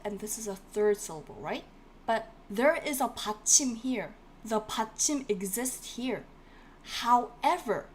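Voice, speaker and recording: Woman teacher, fairly high voice, cheerful drills and repetition, live class. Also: a little hiss or hum. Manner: encouraging, repeats words for drilling; laughs often, playful asides. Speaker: language teacher. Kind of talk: live-streamed online class.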